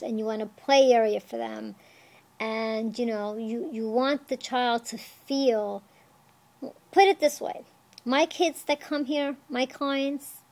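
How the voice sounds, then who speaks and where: A woman who runs her own salon, giving chatty, animated business advice and stories about her young clients, with plenty of "you know". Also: a little high. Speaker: salon owner and hairstylist. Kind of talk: casual advice talk.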